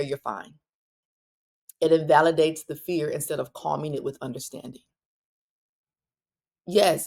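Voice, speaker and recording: A woman hosting a solo parenting podcast, talking directly and bluntly to listeners, with quick asides and restarts. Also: deep voice. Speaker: podcast host.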